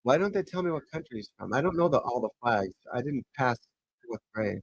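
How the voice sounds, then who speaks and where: Golf pro guy on a stream, loud and cussing, super lively voice, dry close mic. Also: mid-range voice, brisk, no echo, muffled recording. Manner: loud, swearing, rambling and frustrated. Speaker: golf pro livestream host. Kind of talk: casual livestream chat. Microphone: desk mic at computer.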